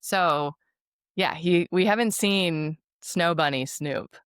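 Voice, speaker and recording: Low-voiced, chatty woman co-host. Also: clear, resonant tone, no room sound, clean studio sound. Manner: chatty, upbeat, quick asides with laughs. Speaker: podcast co-host. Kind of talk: casual chat.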